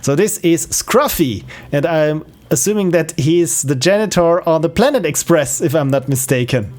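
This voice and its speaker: A man's voice: fairly high pitch, expressive, moderate pace, a little mellow. Man, game streamer, casual, thinking aloud, musing. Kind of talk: casual live-stream commentary.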